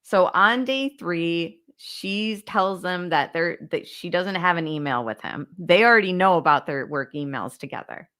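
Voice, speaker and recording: A woman's voice: on the low side, animated, moderate pace, hardly any pauses, fairly bright tone. A woman hosting a casual livestream, chatting straight to viewers and reading documents aloud. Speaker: true crime channel host. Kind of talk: casual livestream case discussion.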